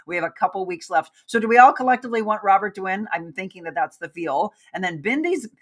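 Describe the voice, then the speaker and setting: A woman's voice: medium pitch, lively intonation, fast talker. A woman hosting a live show, chatting casually and upbeat while reading viewer comments aloud and talking straight to her audience. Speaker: livestream host.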